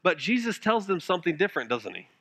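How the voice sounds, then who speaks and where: A male pastor preaching a sermon, earnest and full of rhetorical questions, swinging from loud emphasis to hushed tones. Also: high-pitched, sing-song, fast talker.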